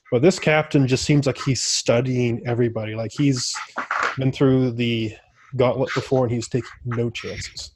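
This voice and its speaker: A man's voice: medium pitch, darkish tone, a little hiss or hum. A man running a tabletop game as game master, narrating in a casual, rambling way and laughing often.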